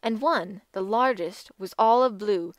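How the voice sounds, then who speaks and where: A woman narrating an old legend as an audiobook, in a measured and expressive manner. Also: mid-range voice, dry recording. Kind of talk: scripted storytelling narration.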